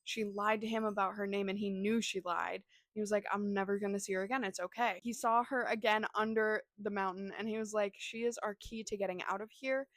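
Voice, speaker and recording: A woman's voice: mid-range voice, steady tone, fairly quick, few pauses, a bit bright, no room sound. Young woman book vlogger, casual and emotional, recounting plots with a dry, close sound. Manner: gushing, emotional, dramatic reactions. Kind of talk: casual reading vlog.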